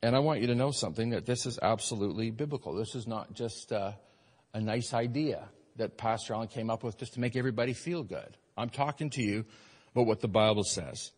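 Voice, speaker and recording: Emphatic preacher in an echoing hall. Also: male voice, medium pitch, brisk, a little mellow. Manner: emphatic preaching, rising and falling in force. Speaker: pastor. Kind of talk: sermon.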